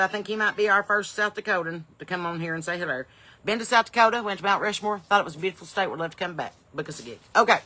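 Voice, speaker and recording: A woman's voice: medium pitch, expressive, quick pace, pushed and bright. A woman comedian hosting a live stream from her home porch in the evening. She greets viewers in folksy, upbeat bursts and wanders off into rambling asides.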